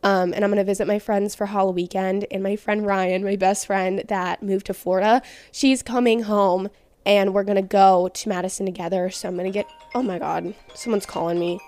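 A woman's voice: mid-range voice, steady tone, normal speed, darkish tone, no room sound, faint music behind. A young woman hosting a casual solo podcast, talking candidly with lots of "like" fillers. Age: young adult. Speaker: podcast host.

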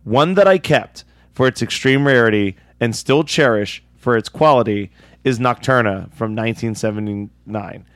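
A man's voice: mid-range voice, moderate pace, a bit bright, no room sound. Man with a dry, close voice. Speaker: podcast co-host. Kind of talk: reading a listener letter, then casual chat.

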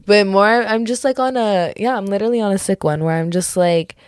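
A young adult woman speaks fairly quickly in a clear, resonant, medium-pitched voice, recorded dry at studio quality. Alone on her podcast, she rambles casually, giggles, corrects herself, and treats things as jokes, with lots of "like" and "just kidding."

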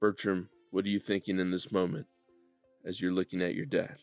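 A man's voice: low voice, little pitch movement, fairly quick, darkish tone, dry recording, faint music behind. A young man narrating as game master of a tabletop game, telling the story with laughter.

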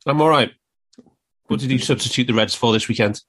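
A man hosting a sports podcast in casual chat, jokey and quick to laugh. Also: medium pitch, a bit bright. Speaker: podcast host.

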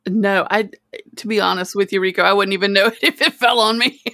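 A woman speaking as a player in a tabletop role-playing game, joking and quick to laugh. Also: medium pitch, fairly even intonation, pushed and bright, no room sound, studio quality.

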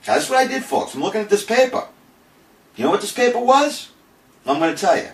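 An older man, a podcast host, telling a boastful story in a brash, animated way. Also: high-pitched, a little fast. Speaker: podcast host saying farewell. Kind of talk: casual storytelling monologue. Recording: roomy, distant, faint noise.

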